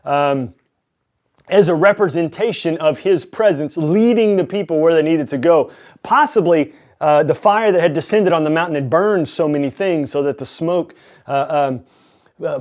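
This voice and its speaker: A man's voice: a little high, a little mellow. A male pastor with a Southern US accent reads Bible passages aloud and explains them in plain, unscripted words, with many ums and restarts. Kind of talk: bible reading and commentary.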